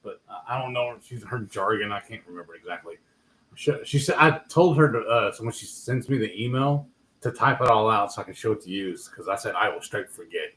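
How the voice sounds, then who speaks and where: A man's voice: on the low side, animated, a little fast, fairly bright tone. Male livestream host, loose rambling chat, roomy sound. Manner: rambling, self-correcting, trails off. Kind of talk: casual chat.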